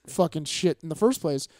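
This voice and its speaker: A man in his thirties telling a profane story in casual chat, acting out the people in it and shouting some of their lines. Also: fairly high pitch, a little slow, no echo. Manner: animated, profane storyteller acting out quotes loudly. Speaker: fighter and podcast guest.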